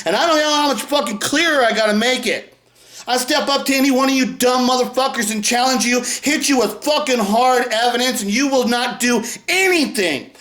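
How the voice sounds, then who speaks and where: A man with a high voice rants furiously and swears nonstop, now and then erupting into shouts. He sounds like he is in an echoey room. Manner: aggressive, profane, shouting bursts. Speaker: commentary video creator. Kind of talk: angry profane rant.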